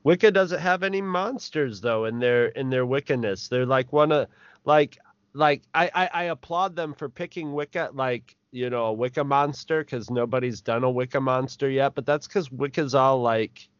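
A podcast co-host rambles casually and laughs as he talks through a film review. His medium-pitched voice is clear and resonant at a moderate pace, with no room sound, though the podcast audio is dull and lo-fi.

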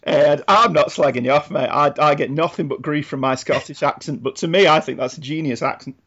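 A man's voice: a little high, fairly quick, a bit bright, breathy edge. A man co-hosting a podcast in casual chat, joking and laughing often. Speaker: podcast co-host. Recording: slightly muffled lo-fi audio.

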